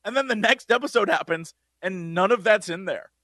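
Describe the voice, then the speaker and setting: A man's voice: high voice, brisk, sharp tone, no room sound, studio quality. A man co-hosting a podcast, chatting casually and acting out quotes in big voices. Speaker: podcast co-host. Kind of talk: casual chat.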